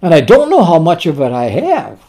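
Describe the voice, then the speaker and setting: Lively preacher asking and answering questions. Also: male voice, on the high side. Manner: asks rhetorical questions and answers them himself; slows down and drops to a soft voice on tender words. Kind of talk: sermon.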